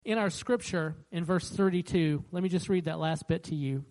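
Heard on a rough recording, a medium-pitched pastor preaches at a moderate pace in a chatty, animated way. People in his stories get their own acted-out voices, and he restarts his phrasing often.

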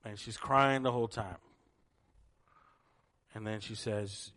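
Animated male preacher telling a story. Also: fairly low pitch, normal speed. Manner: animated storyteller, swelling to emphatic peaks. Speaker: pastor. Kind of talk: sermon with storytelling and prayer.

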